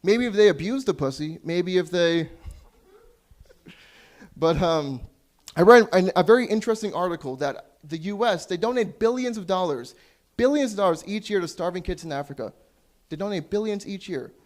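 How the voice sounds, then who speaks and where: A man's voice: high-pitched, animated, normal speed. A young Canadian man doing open mic stand-up, crude and self-deprecating, sometimes losing track of his jokes. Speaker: stand-up comedian. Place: small comedy club stage.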